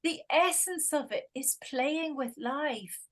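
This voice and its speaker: A middle-aged Scottish woman talks as a guest in a relaxed conversation. She has a fairly high voice and is a chatty storyteller who laughs easily. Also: slow pace. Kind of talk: casual conversation.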